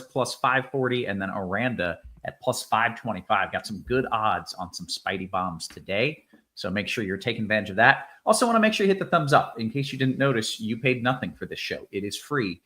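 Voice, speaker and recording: A man's voice: medium pitch, fairly bright tone. A man hosting a casual fantasy sports show, reading promos and chat questions in an upbeat, easygoing way. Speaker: host.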